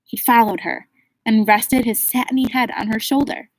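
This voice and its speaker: A woman narrating a children's novel in a steady, expressive reading voice. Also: on the high side, normal speed, low-quality recording. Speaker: audiobook narrator. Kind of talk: scripted storybook narration.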